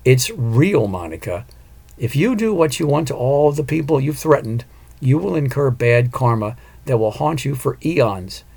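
A man voicing a calm, cunning female psychic who talks patiently and persuasively, in an audiobook. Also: mid-range voice, a little slow, creaky, slightly rough, heavily acted.

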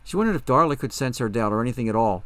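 A man narrating an audiobook in a calm, measured way. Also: mid-range voice, dry recording.

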